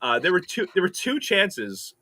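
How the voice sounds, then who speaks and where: Bright, lively man laughing through a chat. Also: high voice. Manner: laughing, animated, quick asides. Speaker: podcast host. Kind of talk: casual chat.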